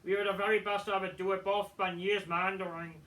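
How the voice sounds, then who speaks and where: Man reading out proud female wrestlers' promo, dramatic, high bright voice, distant mic. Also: flat delivery, fast talker.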